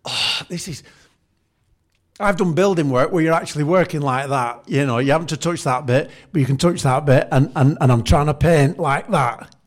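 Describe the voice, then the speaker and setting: A man preaching a humorous sermon, telling chatty everyday stories and acting out the scenes. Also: mid-range voice. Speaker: pastor.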